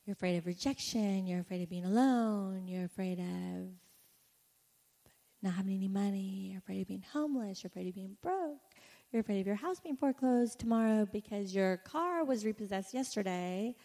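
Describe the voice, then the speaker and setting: A woman quoting God as a gentle, patient male voice, speaking softly and at times in a whisper. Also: medium pitch, normal speed, gravelly. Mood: soothing. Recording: echoey hall reverb.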